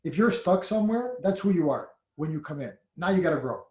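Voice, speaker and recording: Brief: male business leader, chatty interview, lively and excitable, roomy echo on the sound. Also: a little high, a little fast, dull audio. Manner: animated storyteller, laughs and gets loud when excited. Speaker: senior network marketing leader. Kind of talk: conversational interview.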